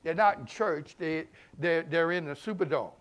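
A man, a pastor preaching a sermon in a conversational way, swinging between loud emphasis and hushed asides. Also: fairly high pitch, moderate pace. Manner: conversational, informal grammar and repeated phrases.

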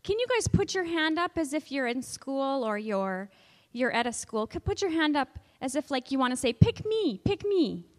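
A woman's voice: sits high, expressive, normal speed, no echo. A woman teaching a Bible lesson to children in a coaxing way, asking them questions and inviting them to join in.

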